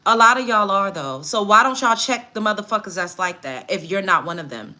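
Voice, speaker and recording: Woman livestreaming from her home set, bright sharp voice, blunt and profane, indignant, talks back to chat. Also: medium pitch, lively intonation, brisk. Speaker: livestream host. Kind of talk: heated livestream rant reading chat comments. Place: home set while doing makeup.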